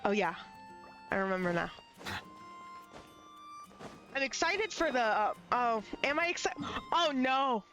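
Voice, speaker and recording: A rambling game streamer woman talks in a slightly high voice over her live play. Her chatter is loose and joking, with the odd curse thrown in. Faint game music runs behind her. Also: sing-song, measured pace, pauses often, a bit bright, low-quality recording. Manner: rambling, joking, occasional swearing.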